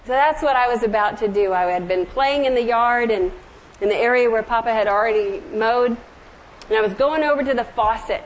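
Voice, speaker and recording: A middle-aged woman from the American South preaching a sermon, telling stories gently and slowing down on scripture and hymn lines. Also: fairly high pitch, low-quality recording. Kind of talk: sermon with storytelling.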